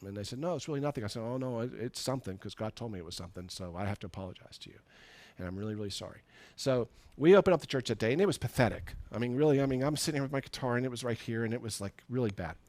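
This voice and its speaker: Middle-aged male pastor, mid-pitched, relaxed storytelling sermon, dry close sound. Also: racing, dry recording. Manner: conversational, laughs at himself, acts out quoted dialogue. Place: church sanctuary.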